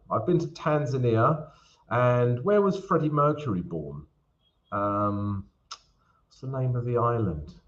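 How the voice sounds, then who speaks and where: A man's voice: mid-range voice, highs cut off. A man hosting a casual live-stream Q&A about trading, chatty and greeting viewers by name, calling them guys and mate.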